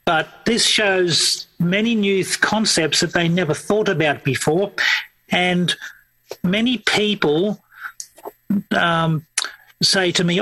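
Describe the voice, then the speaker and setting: A man's voice: high-pitched, slow, long pauses, bright, forceful tone, rough recording. A man running an evangelism training workshop, explaining a method in plain, repetitive steps and often restarting his sentences. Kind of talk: instructional workshop talk.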